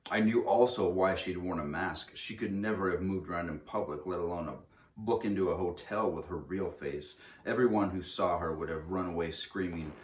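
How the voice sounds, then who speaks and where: A man reading a children's book aloud in an expressive way, slowing down for dramatic emphasis. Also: deep voice. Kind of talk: read-aloud storytelling. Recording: echoey room.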